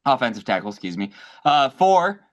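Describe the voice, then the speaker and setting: A man co-hosting a casual sports podcast, excitable and profane, laughing often. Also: medium pitch, dull audio. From American South. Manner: excitable, swearing, quick to laugh. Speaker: podcast co-host.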